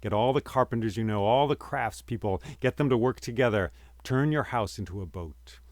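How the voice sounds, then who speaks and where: A man's voice: medium pitch, normal speed, dry recording, clean studio sound, natural voice. A man voicing a trickster god who gives a warning in a chanting, repetitive, incantation-like manner. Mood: urgent.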